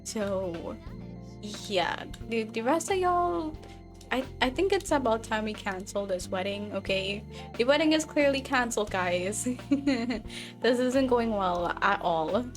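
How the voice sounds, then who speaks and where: A woman's voice: fairly high pitch, animated, measured pace, over music. A woman giving casual, playful let's-play commentary on a life-simulation game, chatting and laughing often. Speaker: gaming video creator.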